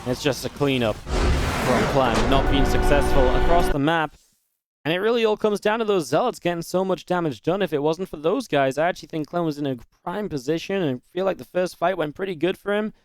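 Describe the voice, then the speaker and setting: A man casting a real-time strategy match alone, in energetic play-by-play commentary with chatty asides. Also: on the high side, a little fast, faint music behind. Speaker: esports caster. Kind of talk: solo play-by-play game commentary.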